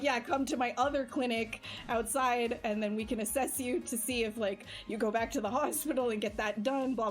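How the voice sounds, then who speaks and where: A woman livestreaming, telling a personal story in casual chat, animated and laughing often, with many fillers. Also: a little high. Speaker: livestream artist. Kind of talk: casual chat while streaming.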